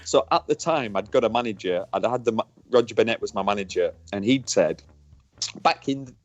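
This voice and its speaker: A man's voice: fairly low pitch, expressive, fairly quick, no room sound, highs cut off. A man in his forties with a northern English accent, a former racer co-hosting a casual podcast, candid and jokey, swearing freely. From northern England.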